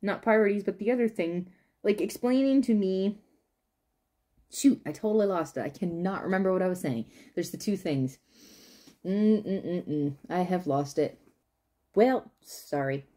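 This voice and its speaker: Her voice is mellow and medium-pitched, her pace measured, as she chats through a drama review in a casual video commentary. She wanders off topic, loses her train of thought, and laughs frequently as she talks.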